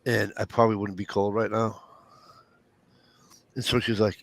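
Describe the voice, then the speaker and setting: A man's voice: on the low side, normal speed, creaky, pauses often. A middle-aged man telling funny family stories in casual chat, acting out the voices of the people he quotes and cursing freely. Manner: animated storyteller, acts out quotes, profane jokes.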